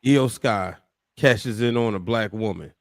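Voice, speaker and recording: A man co-hosting a podcast in casual chat, explaining his points in an easygoing, relaxed way. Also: lowish voice, measured pace, dry recording, studio quality. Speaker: podcast co-host.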